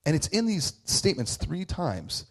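A man's voice: a little high, very animated, normal speed. A man in his thirties giving a casual, conversational sermon as a pastor. He talks informally and earnestly, tells personal stories and keeps checking in with "right?". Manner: informal, repeats "right?" often, restarts phrases.

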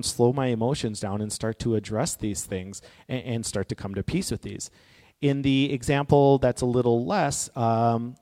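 A man giving a reflective, personal talk in an earnest, gently encouraging way. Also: mid-range voice. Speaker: speaker on grief and healing. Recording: long hall reverb.

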